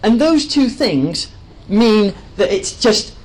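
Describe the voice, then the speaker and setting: A man's voice: high-pitched, expressive, slow, a little mellow, poor audio. A man giving an enthusiastic presentation to a live audience, chatty and full of fillers and restarts. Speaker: speaker at a live talk.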